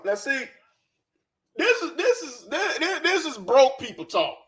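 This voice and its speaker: A man's voice: very high-pitched, big pitch swings, unhurried, fairly bright tone. A man hosting a reaction commentary, profane, scornful and sarcastic. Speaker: commentary channel host.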